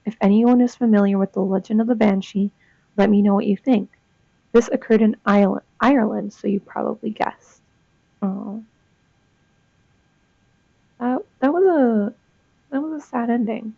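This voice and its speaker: Reading ghost stories in a casual way, a young woman breaks off to chat, gasp and comment. She speaks at a moderate pace with long pauses, her mid-range voice gravelly and warm. The recording is dull, lo-fi and dry, with no room sound.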